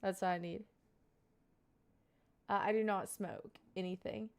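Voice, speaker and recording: A woman's voice: mid-range voice, steady tone, measured pace, vocal fry. A young woman live-streaming, chatting casually and playfully with her viewers and answering their questions. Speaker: livestreamer.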